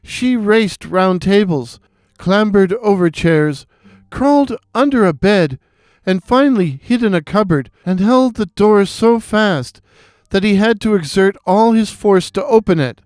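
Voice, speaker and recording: A man with a head cold and a gravelly voice, hosting and reading weird tales with theatrical asides to his listeners. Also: sits high, expressive, a little slow, darkish tone, no echo, studio quality. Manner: theatrical, addresses listeners directly. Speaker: storyteller and channel host.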